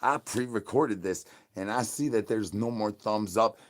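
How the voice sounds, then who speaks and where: Unhurried and close to an everyday voice, a man with a fairly low pitch plays a crude male zombie who is starving and streaming to his chat. It's in-character livestream comedy from an entertainer, with slang rambling and repeated begging catchphrases.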